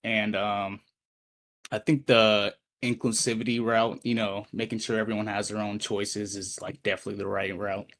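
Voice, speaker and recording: A man's voice: lowish voice, little pitch movement, normal speed, a bit bright. A man chatting casually in a laid-back, friendly way. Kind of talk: casual chat.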